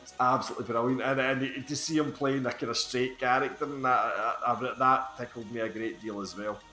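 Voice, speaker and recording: A man's voice: medium pitch, fairly even intonation, brisk, pushed and bright, roomy sound, faint music behind. A man co-hosting a film podcast, chatting casually and laughing often. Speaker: podcast co-host.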